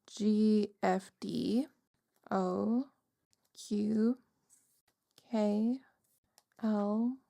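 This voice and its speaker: Woman tarot reader, musing and gentle, filler words, dry close sound. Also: mid-range voice, fairly even intonation, drawn-out words, vocal fry, long pauses, no echo. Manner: soft, musing, many "like" and "um" fillers. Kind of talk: casual pick-a-card tarot reading.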